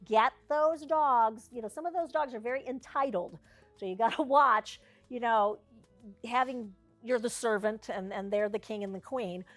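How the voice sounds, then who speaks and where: A woman service dog trainer leading a hands-on class, chatty and down-to-earth with joking asides. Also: fairly high pitch.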